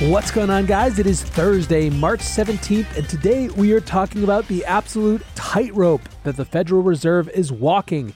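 A man hosting a daily markets podcast, talking in an energetic, conversational way. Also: high-pitched, moderate pace, few pauses, over music. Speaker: podcast host.

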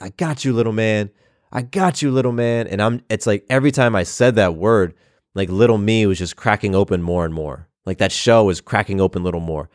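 A man's voice: low voice, no echo, studio quality. A man in his thirties telling a personal story in a reflective, earnest way, often repeating phrases. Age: 30s.

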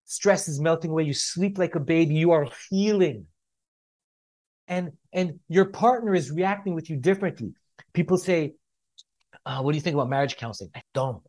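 A man speaking as a life coach on a podcast, emphatic and repetitive, slowing down to stress his key points. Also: high-pitched, a little mellow. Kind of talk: motivational podcast talk.

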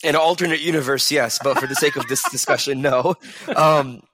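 A man's voice: medium pitch, brisk, sharp tone, no echo, clean studio sound. A man in his twenties, a sports reporter chatting casually on a panel, upbeat and digressive. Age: 20s.

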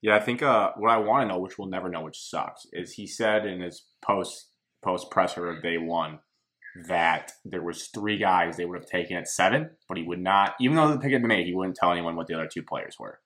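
Casual male sports podcast host, slightly low voice, lively storyteller. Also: fairly quick. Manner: animated storytelling, laughs while talking.

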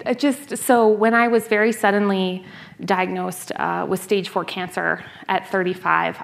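A North American woman in her thirties, a scholar and author, tells stories in a conversational interview. Her fairly low, creaky voice is animated, and she laughs and restarts her sentences often.

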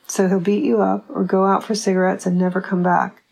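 A woman's voice: medium pitch, level tone, a little fast, gravelly, darkish tone. A woman doing a sneering Texan mother. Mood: scornful. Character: scornful older mother, sneering and witty.

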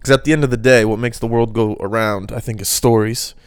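Rambling, smooth-voiced male podcast host. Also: mid-range voice, fairly even intonation, brisk, no room sound, studio quality. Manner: rambling, off-the-cuff musing. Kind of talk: casual solo podcast monologue.

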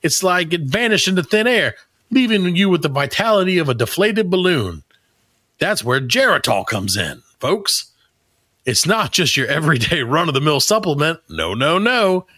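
An overeager male TV pitchman, as a man puts him on, selling hard in a raised, bright voice. The pitch jumps around with hammy sales patter, read close to a dry mic. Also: sing-song, normal speed, dry recording, heavily acted. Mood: salesy. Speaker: ad reader. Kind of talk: mock commercial read.

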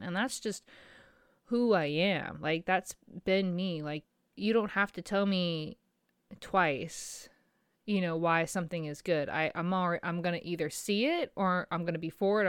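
A woman's voice: on the low side, fairly bright tone, smooth, no echo, studio quality. Rambling, emotional woman talking to camera. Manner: rambling, emotional and self-deprecating, with frequent fillers and laughs. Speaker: small business owner. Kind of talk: candid personal vlog monologue.

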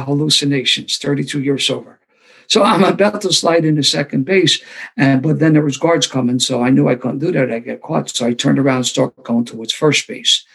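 A man's voice: a little high, gravelly, fairly bright tone, slightly rough. An older man, telling his recovery story at a sober meeting with self-deprecating humor. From Philadelphia.

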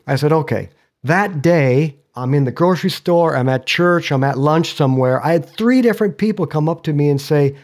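A man telling stories in a relaxed interview, animatedly voicing the people he quotes. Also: on the high side, moderate pace. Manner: lively storyteller, voices others' quotes. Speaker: podcast creator and guest. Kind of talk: casual interview talk, storytelling.

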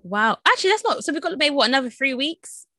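Chatty British woman, bright voice. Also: sits high, big pitch swings, quick pace, no echo. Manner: chatty, lots of "like", laughs often. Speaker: podcast co-host. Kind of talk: casual chat.

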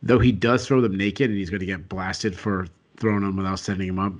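A man's voice: sits low, steady tone, a little fast. A man co-hosting a sports podcast late at night, sounding sleepy and giving casual, rambling fight analysis full of restarts. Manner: rambling, filler-heavy, frequent restarts. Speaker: co-host and analyst.

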